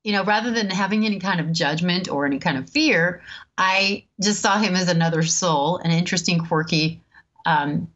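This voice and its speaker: Woman in her 50s, deep voice, chatty storyteller w lots of ums, kinda dull lo-fi audio. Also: moderate pace. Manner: warm, laughing often, many ums. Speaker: host. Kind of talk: storytelling talk.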